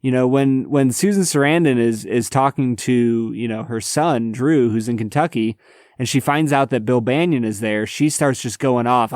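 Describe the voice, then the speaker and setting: A man's voice: mid-range voice, moderate pace, darkish tone, dry recording, clean studio sound. A young adult man co-hosting a podcast in a laid-back, reflective way, calling his friend man and dude. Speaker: podcast co-host. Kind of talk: casual chat.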